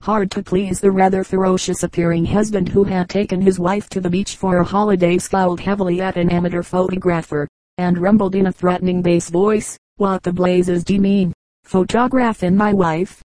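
A woman narrating an audiobook of humorous anecdotes in an even, unhurried reading voice. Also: fairly low pitch, no echo, poor audio. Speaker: audiobook reader.

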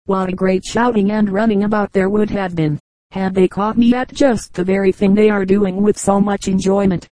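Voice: medium pitch, steady tone, normal speed, mellow, no echo, lightly acted, low-quality recording. Proud hungry wolf, reader doing it, scornful mutter, dry audiobook sound. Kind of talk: audiobook fable reading.

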